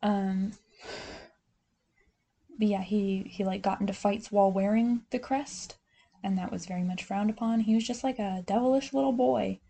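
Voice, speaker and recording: A woman's voice: medium pitch, normal speed, gravelly, warm tone, a little hiss or hum. A young woman co-hosting a podcast, chatting casually and animatedly about a TV series, often laughing. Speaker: podcast co-host. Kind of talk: casual chat recapping a TV show.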